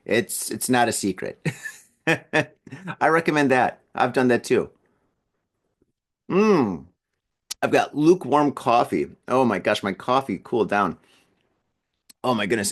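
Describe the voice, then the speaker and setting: A man talks casually on his own podcast, chatty and easygoing. His voice sits at an ordinary middle pitch, and he breaks into laughter at his own remarks. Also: lively intonation, a little slow, pauses often. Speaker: podcast host. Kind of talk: casual solo podcast chat. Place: at home in an apartment building.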